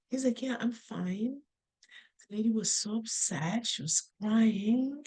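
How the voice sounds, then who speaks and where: A woman's voice: a little high, warm tone. A middle-aged woman giving a casual motivational talk, telling stories earnestly with frequent restarts. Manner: unhurried, earnest, storytelling with many restarts. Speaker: motivational speaker.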